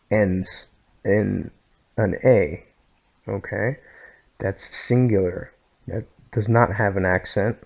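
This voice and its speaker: A man's voice: on the low side, creaky, a little mellow. A man from the United States, explaining a language lesson over a screen recording, full of fillers and "okay?" checks. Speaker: language teacher.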